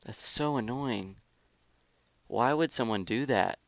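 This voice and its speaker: A man giving live gameplay commentary as a gaming YouTuber, excitable, trash-talking opponents and grumbling about lag. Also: medium pitch, slow, vocal fry, slight background noise.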